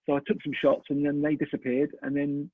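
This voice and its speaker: A middle-aged man, a photographer, telling a story in an animated way and acting out both sides of the conversation. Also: fairly high pitch, brisk, a little hiss or hum. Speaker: photographer, interview guest. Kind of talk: casual anecdote in an interview. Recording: dry, tinny phone-like call audio.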